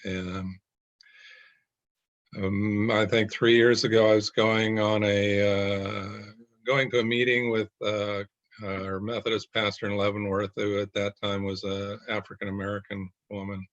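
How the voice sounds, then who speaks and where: A man who is a pastor, talking slowly and haltingly with many fillers in a reflective group discussion. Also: fairly low pitch, flat delivery, fairly bright tone, lo-fi sound.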